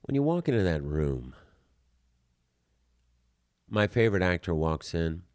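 A man's voice: low-pitched, sing-song, a little slow, darkish tone, no room sound, studio quality. A man coaching actors on auditions, talking bluntly and animatedly, scolding then encouraging in casual, slightly profane language. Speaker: acting coach. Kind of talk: instructional talk to camera.

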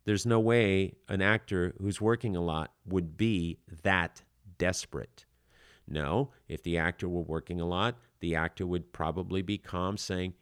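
Emphatic man with a low voice, dry sound. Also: a little slow, clean tone, no echo. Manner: animated, emphatic, frequent filler words. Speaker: acting coach podcast host. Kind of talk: podcast advice talk.

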